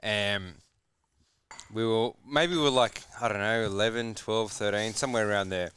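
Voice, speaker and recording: A young man on a live sports stream, calmly starting a childhood prank story while finishing his pizza. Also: lowish voice, normal speed, clean tone. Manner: relaxed, talks while eating, quieter. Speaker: guest. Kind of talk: casual storytelling.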